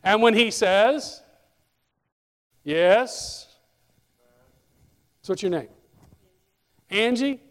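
A male pastor preaching a sermon in a church, animated and speaking directly to members of the congregation by name. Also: sits high, a little slow, long pauses, big-room sound.

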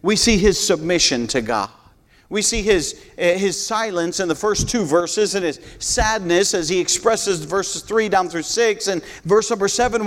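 Male pastor, higher voice, earnest conversational sermon delivery with frequent restarts. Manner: earnest preaching with repeated "hey" and restarts.

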